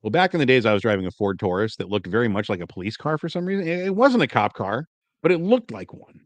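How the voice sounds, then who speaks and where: Animated man telling stories. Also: medium pitch, quick pace, no echo. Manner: animated, acts out quoted lines loudly. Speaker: podcast co-host. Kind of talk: casual storytelling chat.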